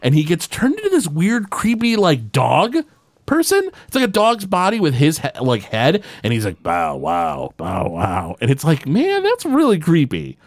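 A man co-hosting a podcast, casually retelling a cartoon episode in a loose, animated way with lots of fillers. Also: high-pitched, dry recording, clean studio sound. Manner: animated, loose retelling with many fillers and quick put-on quotes. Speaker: podcast co-host.

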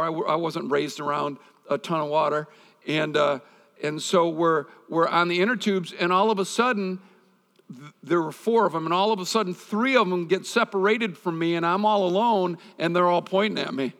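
Speaking at an ordinary pace, a pastor delivers an easygoing sermon that blends Bible passages with personal anecdotes. His voice sits slightly above the typical male range, and a lengthy reverb follows each phrase as though he were in a big hall.

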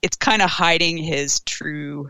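A woman's voice: sits low, slow pace, pushed and bright, no echo. A woman from western Canada co-hosting a casual podcast, giggly and self-deprecating.

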